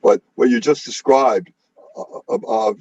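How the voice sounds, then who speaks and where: A man interviewing a guest in a conversational, halting way with many fillers. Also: mid-range voice, darkish tone, slightly rough, no room sound, muffled recording. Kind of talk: casual interview talk.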